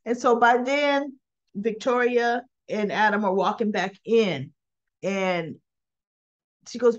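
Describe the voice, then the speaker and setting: A woman with a slightly high voice hosts a casual soap opera recap. She rambles on in a chatty way and keeps saying "um" and "you know". The recording is muffled and lo-fi. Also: slow pace, long pauses. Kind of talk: casual spoken episode recap.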